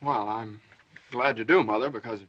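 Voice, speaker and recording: An actor playing a flustered young newlywed son in a 1930s film, hesitant and stammering. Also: male voice, medium pitch, moderate pace, fairly bright tone, close to an everyday voice. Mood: sheepish. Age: young adult. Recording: dull old film soundtrack.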